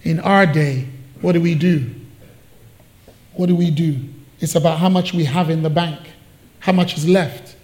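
A man's voice: on the high side, fairly even intonation, a little slow, pauses often, a little mellow. A man preaching a sermon, telling a story with playful asides and jokes.

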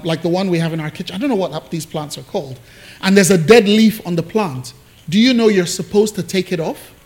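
Male pastor, higher-pitched voice, conversational sermon delivery, playful asides, frequent repeats and restarts. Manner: conversational, joking with the congregation; repeats and restarts while searching for words.

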